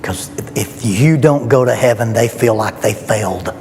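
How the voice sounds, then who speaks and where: A man's voice: on the low side, moderate pace, darkish tone. A middle-aged man preaching a sermon at a youth rally, earnest and emphatic, asking rhetorical questions. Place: church. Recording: long reverb in a church hall, faint background noise.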